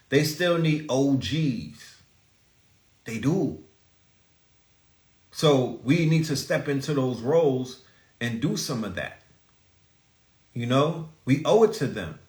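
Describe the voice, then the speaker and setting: A man's voice: fairly high pitch, a bit bright, reverberant. A man hosting a live stream, ranting in a preachy, profane way and asking rhetorical questions. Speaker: podcast host.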